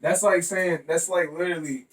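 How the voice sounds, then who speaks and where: A man with a high voice talking bluntly and profanely in podcast banter, laughing along with his own jokes. His voice carries a roomy echo and sounds distant from the mic. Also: fairly even intonation, moderate pace, a bit bright. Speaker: podcast co-host. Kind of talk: casual chat.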